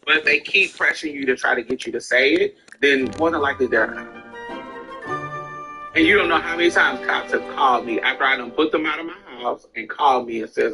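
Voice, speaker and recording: A woman's voice: sits low, moderate pace, pauses often, bright, forceful tone, soft background music, low-quality recording. A woman streamer chatting bluntly and profanely while gaming, acting out the voices she quotes. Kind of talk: casual chat while gaming.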